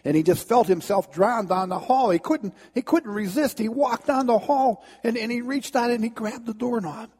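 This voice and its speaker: A man telling a dramatic story as a sermon, halting and restarting as he builds tension. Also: extremely high pitch, a little mellow, breathy edge, long reverb tail.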